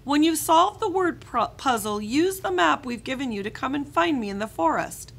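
A woman voicing a loud, bubbly female camp leader in a storybook reading. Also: high voice, animated, moderate pace, vocal fry, voice pushed up. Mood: instructing. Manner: shouty, bubbly.

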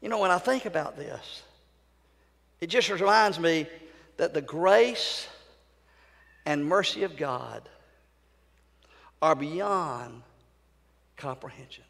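A high-voiced man preaches from the pulpit, swinging from loud fervent outbursts to hushed near-whispers. His voice rings out in a large sanctuary with a long reverb tail. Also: lively intonation, slow, creaky, pauses often. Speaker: pastor. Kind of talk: sermon.

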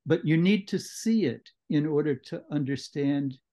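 A man leading a book club discussion, explaining a novel in a measured lecturing way, on muffled audio. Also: on the high side, dark tone. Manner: measured, explanatory, with occasional restarts. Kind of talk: literary lecture.

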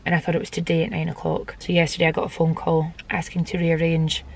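A young Scottish woman chatting casually to camera as a vlogger, self-deprecating and full of quick asides. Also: sits low, completely flat delivery, creaky. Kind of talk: casual vlog chat.

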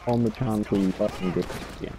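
Deepish chill gamer guy teasing his friend, game noise and shots behind. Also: steady tone, normal speed. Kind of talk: casual gaming chat.

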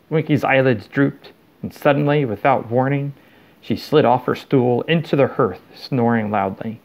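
A man reading a storybook chapter aloud to his child in a steady, plain way. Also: medium pitch, moderate pace.

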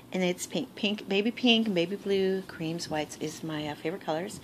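A woman's voice: fairly low pitch, normal speed. Gushing woman vlogging from her bedroom. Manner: gushing, excitable, gasps and laughs often. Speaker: crafting vlogger. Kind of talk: casual unboxing chat. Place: bedroom at home. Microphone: phone. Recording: noisy home phone recording.

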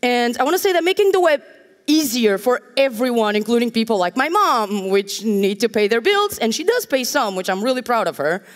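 A woman's voice: a little high, sing-song, a little fast. A woman from Portugal giving a conference talk on a stage, joking and candid with wry asides. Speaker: conference speaker. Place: large conference hall. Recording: hall reverb from a stage.

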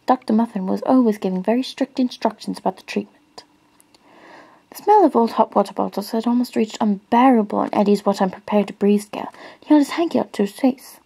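A woman gently reading a storybook aloud in a soft-spoken ASMR style, dropping into whispers at times. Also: medium pitch, a little fast, vocal fry, breathy edge, rough recording. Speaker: ASMR reader.

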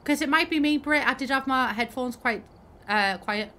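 Bright, high woman streaming. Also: normal speed. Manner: chatty, swears, laughs often. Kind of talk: casual gaming stream chat. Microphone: gaming headset.

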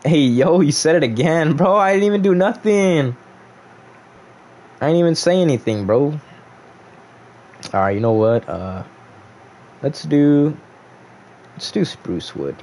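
A man's voice: a little high, expressive, unhurried, pauses often, a little mellow, a little hiss or hum. A young man casually chatting on a gaming livestream, reading viewers' chat aloud and joking back at them.

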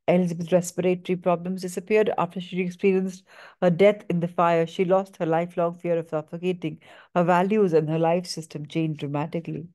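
Woman reader, low warm voice, measured steady read-aloud pace. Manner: measured, steady reading with small stumbles. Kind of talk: reading a book aloud.

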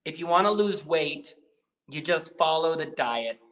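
A man as a guest on an interview podcast, talking in an animated, persuasive way and asking rhetorical questions. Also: on the high side, a little slow. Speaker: guest, program founder.

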